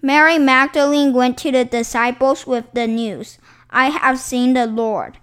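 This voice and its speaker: A woman reading Bible passages aloud in a slow, formal, measured way, setting each phrase apart. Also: high-pitched, steady tone, a bit bright, clean tone. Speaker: scripture reader.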